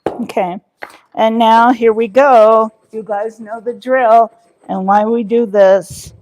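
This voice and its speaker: Slow, chatty woman cooking live. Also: on the high side, fairly even intonation, a little mellow. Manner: chatty, rambling, talks to viewers in chat. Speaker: cooking livestream host. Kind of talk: casual live cooking chat. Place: home kitchen.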